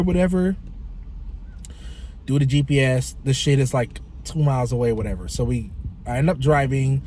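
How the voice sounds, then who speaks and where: A man telling a story in a casual vlog, animated and profane, imitating his friend in shifting voices. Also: mid-range voice, moderate pace, pauses often, slight background noise. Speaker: vlogger.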